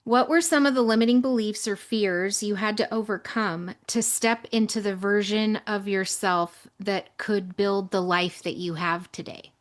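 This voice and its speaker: A woman hosting a relaxed interview at a middle pitch. She asks long, thoughtful questions and answers her guest with warm little affirmations. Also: measured pace, hardly any pauses. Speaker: podcast host. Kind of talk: casual interview.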